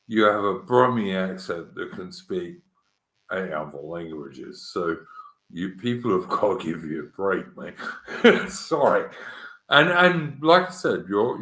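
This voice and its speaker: Man, low voice, casual chat host, blunt, swears, echoey room. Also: a bit bright.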